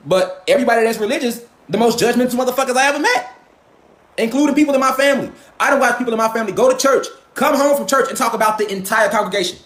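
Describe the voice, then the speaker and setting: A man delivering a profane, animated monologue, mocking and heated, full of rhetorical questions. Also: extremely high pitch, rapid-fire. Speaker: host of a lecture channel.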